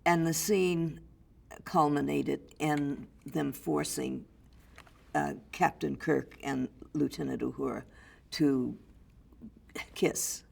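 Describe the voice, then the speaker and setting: Older actress, interview guest; slow, gravelly storyteller who mimics others. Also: female voice, deep voice. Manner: lively storyteller, acts out others' voices. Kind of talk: anecdotal storytelling.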